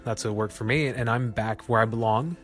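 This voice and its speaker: A man hosting a relaxed solo podcast, talking in a chatty, self-mocking way and laughing at his own jokes. His voice is mid-pitched and often leaps higher for emphasis. Faint music plays under him. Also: a little fast. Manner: animated, jumps up in pitch for emphasis. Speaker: podcast host. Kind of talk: casual solo podcast talk.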